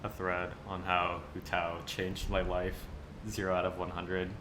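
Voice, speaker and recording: A man's voice: deep voice, monotone, measured pace, background noise. A man streaming live with a groggy morning voice, flustered and self-mocking as he reads aloud to chat.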